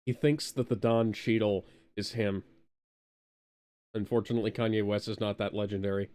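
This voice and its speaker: A man's voice: fairly low pitch, steady tone, normal speed, darkish tone. A man co-hosting a casual watch-along, riffing with crude jokes and asides. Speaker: co-host.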